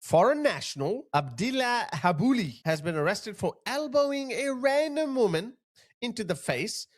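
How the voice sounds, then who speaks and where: A man's voice: very high-pitched, sing-song, normal speed. A man hosting a video, giving indignant reaction commentary on clips, with laughing asides. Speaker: YouTube commentator host.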